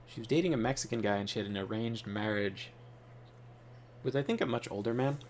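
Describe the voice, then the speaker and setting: A man's voice: mid-range voice, brisk, darkish tone, slight background noise. A man hosting a gaming channel, telling rambling, offhand stories while he plays. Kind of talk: casual gaming commentary.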